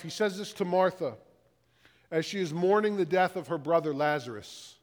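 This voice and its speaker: Male pastor, middle-aged, raised voice, slow stacked rhetorical questions, long hall reverb. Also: high-pitched. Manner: questions repeated in a slow, building list. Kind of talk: sermon.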